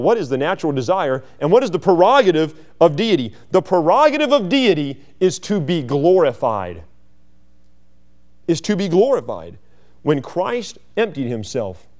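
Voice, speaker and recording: Fervent preacher with a soaring voice. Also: male voice. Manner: rises to high, fervent pitch when voicing scripture and Christ. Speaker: pastor. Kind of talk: sermon.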